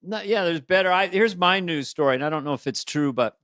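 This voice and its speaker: An older man in his sixties with a fairly high voice, co-hosting a comedy podcast. He chats playfully and slips into character voices. The recording is dry and close. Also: brisk, a bit bright, no room sound. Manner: playful, breaks into character voices and sound effects. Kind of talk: casual comedic chat.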